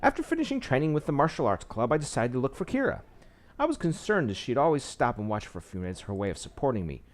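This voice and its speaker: A man's voice: medium pitch, big pitch swings, fast talker. A man reading a visual novel aloud, with small slips and asides, saying he is losing his voice. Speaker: game narrator.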